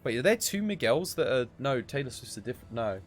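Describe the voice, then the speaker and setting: A man's voice: mid-range voice, very animated, fairly quick, faint music behind. A tired man, chatting casually while live-streaming a game and giving gear advice. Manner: chatty, laid-back, gives gear advice.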